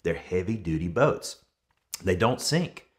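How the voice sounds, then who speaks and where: A man in his thirties, a pastor giving a conversational sermon and telling relaxed everyday stories to make his points. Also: sits low, unhurried. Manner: relaxed storytelling with everyday examples.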